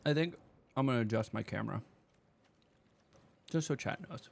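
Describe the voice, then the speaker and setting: A man's voice: mid-range voice, normal speed, vocal fry, a little hiss or hum. A man casually commenting on his own card game as he plays, chatty and talking while he eats. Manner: chatty, talks while eating. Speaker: streamer playing a card game. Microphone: desk microphone.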